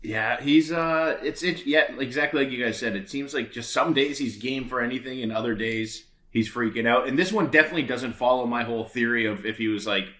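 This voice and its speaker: A man's voice: mid-range voice, a little fast, few pauses, a bit bright. A man co-hosting a casual podcast chat, laid-back and wisecracking.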